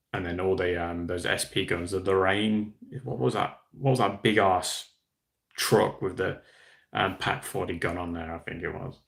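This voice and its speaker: A man's voice: deep voice, gravelly, fairly bright tone. A man hosting a casual live stream, chatting in a rambling, self-deprecating way while answering viewer comments. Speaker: livestream host.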